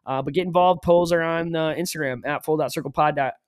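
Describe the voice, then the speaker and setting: Podcast guy chatting loose and jokey, voice sits kinda high, super dry mic. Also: brisk, no echo. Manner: rambling, filler-heavy, joking. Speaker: podcast co-host. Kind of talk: casual chat.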